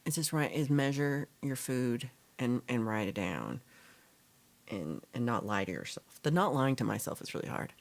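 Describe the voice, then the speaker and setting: A woman with a rumbling low, creaky voice hosts a casual livestream, reading viewers' comments aloud and answering them. Her intonation is lively and her speed normal, and she rambles with fillers and self-corrections.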